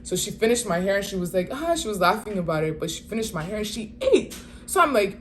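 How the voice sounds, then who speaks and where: Twenties woman vlogger, lively slang-heavy storyteller, mid-range voice. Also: mid-range voice, fast talker, slight background noise. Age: 20s. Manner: animated, slangy, exasperated retelling. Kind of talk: casual storytime.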